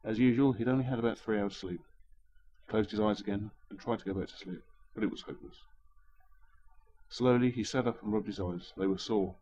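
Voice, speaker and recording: A man's voice: fairly low pitch, steady tone, a little fast, mellow, muffled recording, slight background noise. A man narrating a story in a dry, wry manner.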